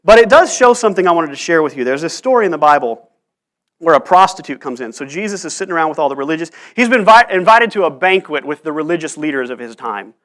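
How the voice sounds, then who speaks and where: A pastor giving a conversational sermon in church, often restarting and repeating words. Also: male voice, on the high side, lively intonation, quick pace, fairly bright tone.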